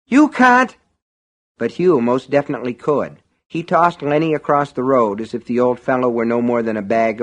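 A man reading an audiobook in a steady, wry storytelling manner. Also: mid-range voice. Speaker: narrator. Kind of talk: audiobook narration.

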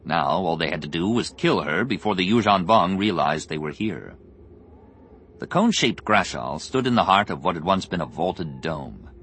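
A man narrating an audiobook in an expressive, measured storytelling voice, with music underneath. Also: sits low, slightly rough. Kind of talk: scripted narration.

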